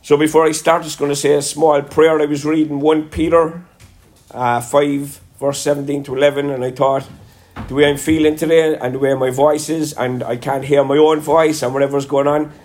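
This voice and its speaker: A man's voice: on the high side, flat delivery, moderate pace, darkish tone. A man with a Cork accent preaching a sermon, congested from a sinus infection, earnest with a lilting delivery and some self-deprecating humor. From Ireland. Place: church.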